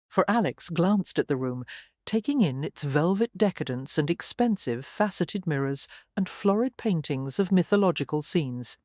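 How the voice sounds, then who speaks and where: A woman narrating an audiobook romance in an expressive, dramatic way. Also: low voice, moderate pace, no echo, studio quality. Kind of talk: scripted narration.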